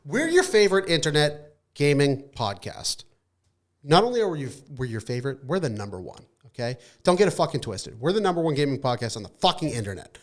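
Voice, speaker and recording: Loud, profane podcast host man. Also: on the high side, sing-song, fairly quick. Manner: loud, profane, mock-angry hype. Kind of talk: casual podcast sign-off.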